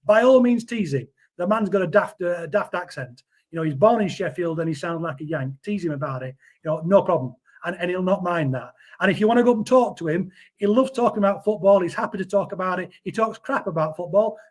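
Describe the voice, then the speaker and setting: A man's voice: sits high, lively intonation, fast, darkish tone. A man, talking earnestly in a casual interview, often repeating words as he defends someone. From Yorkshire, England. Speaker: interview guest.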